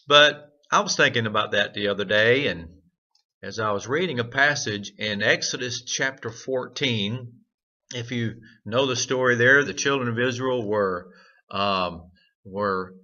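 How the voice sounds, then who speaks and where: A man's voice: mid-range voice, measured pace, sharp tone. A man hosting a morning devotional, telling a story earnestly with many fillers. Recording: dull lo-fi sound.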